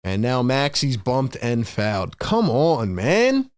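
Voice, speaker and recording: A man hosting a fan livestream, calling play-by-play in excitable, frustrated, slangy talk. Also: mid-range voice, slow pace, smooth, no echo. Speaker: host and play-by-play commentator.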